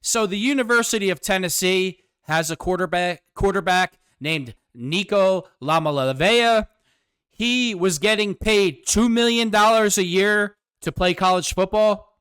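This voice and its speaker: A man's voice: sits high, unhurried, fairly bright tone, smooth, dry recording, clean studio sound. A man hosting his own show, delivering a sarcastic, combative political commentary rant. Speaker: host.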